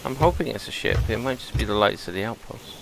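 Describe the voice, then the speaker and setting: Gravelly British man commenting on gameplay. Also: medium pitch, fast talker, background noise. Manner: chatty, explains game mechanics while playing. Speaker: gameplay streamer.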